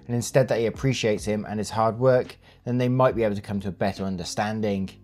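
Host-narrator: male, slightly low pitch, relaxed and talkative, quick to laugh, faint music bed. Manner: chatty, laughs often between sentences. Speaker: story narrator and channel host. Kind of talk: casual narration of online posts.

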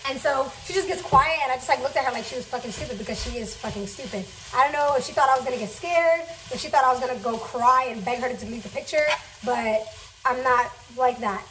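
A young woman telling a chatty, fast storytime while cooking in her kitchen, swearing freely. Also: high-pitched, a bit bright, distant mic, a little hiss or hum, poor audio. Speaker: vlogger. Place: home kitchen.

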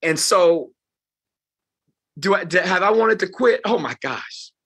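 Fifty-something male pastor, bright and forceful tone, raised pitch, expressive sermon delivery. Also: slow. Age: 50s. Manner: expressive preacher, sweeping from loud highs to quiet lows. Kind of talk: closing sermon to volunteers. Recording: live talk before a group.

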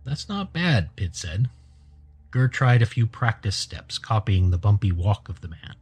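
Guy reading a sci-fi audiobook, low raspy dark voice, faint music behind. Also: unhurried. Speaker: audiobook narrator. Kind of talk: scripted narration.

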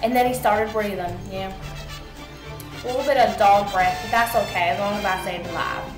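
Dopey male firefighter, as a teen girl puts him on, rambling, loud, full of uhs and yeahs. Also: mid-range voice, moderate pace, roomy sound, over music, close to an everyday voice. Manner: rambling, filler-heavy, loud.

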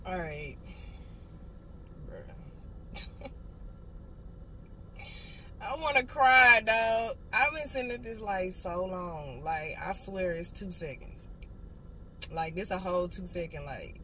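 A woman's voice: lowish voice, lively intonation, slow, pauses often. A woman chatting casually to viewers in her vlog, cursing and laughing as she goes. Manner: profane, laughing, talks to viewers as y'all. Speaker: vlogger. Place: car and on the go. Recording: loud car and road noise. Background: vehicle noise.

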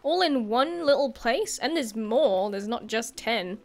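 A woman giving casual gameplay commentary as a YouTuber, chatty and excitable, laughing often and talking to the creatures on screen. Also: on the high side, a little slow. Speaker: gaming YouTuber.

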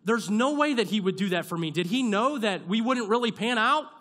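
Bright-voiced young male pastor preaching. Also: high voice, animated, brisk. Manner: conversational, self-deprecating preaching with acted-out asides. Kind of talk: sermon. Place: church sanctuary.

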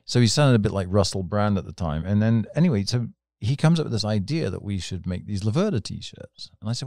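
A middle-aged English man from England, a podcast guest telling anecdotes in an animated, bursting storyteller's way. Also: lowish voice, a little fast, gravelly, few pauses, no echo. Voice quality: animated, tells stories in rising bursts.

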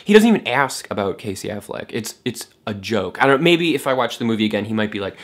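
A man's voice: on the low side, fairly bright tone. A man ranting casually about films, swearing a lot and mocking what he dislikes, with many fillers and restarts. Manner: profane, fast, scornful, many fillers and restarts; mocks characters in a raised voice. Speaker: film vlogger. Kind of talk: casual rant to camera.

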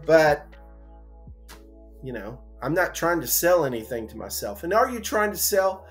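A man's voice: fairly high pitch, measured pace, faint music behind. A man being interviewed as an engineering recruiter, a folksy, encouraging talker who acts out voices in his stories and says "you know" a lot. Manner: animated storyteller, acts out voices in anecdotes. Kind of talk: casual conversational interview.

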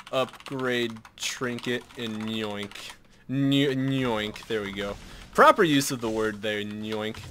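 A young man giving live commentary over his own game at a computer, swinging from muttered asides to loud shouts at big plays and swearing casually. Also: fairly low pitch, slight background noise. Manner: swears and jokes casually, mutters to himself while shopping. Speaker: gameplay commentator.

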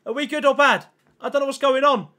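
Young man, very high voice, bright tone, excitable, slangy livestream chatter. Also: fast. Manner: chatty, excitable, reacts loudly to pack openings; thanks chat constantly, slangy. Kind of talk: casual gaming livestream chat.

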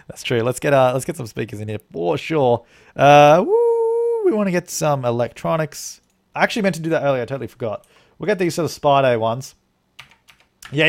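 A man from Australia streaming a game live, thinking aloud as he plays and thanking viewers for donations. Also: medium pitch. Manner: rambling, thinking aloud while playing. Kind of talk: live gameplay commentary.

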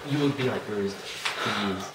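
A man's voice: fairly low pitch, measured pace. A young man joking and laughing in casual banter on set. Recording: distant echoey mic with loud noise.

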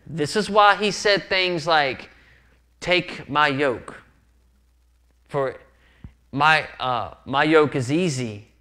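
A man's voice: a little high, sharp tone. A man preaching a sermon as pastor, earnest and often repeating words for emphasis. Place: church sanctuary.

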